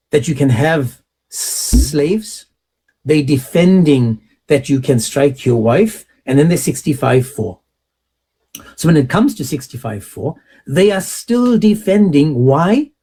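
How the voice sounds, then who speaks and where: Male host, husky and mellow, rhetorical commentary with a mocking, emphatic edge. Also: on the high side, sing-song, slow pace. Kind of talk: opinionated commentary monologue.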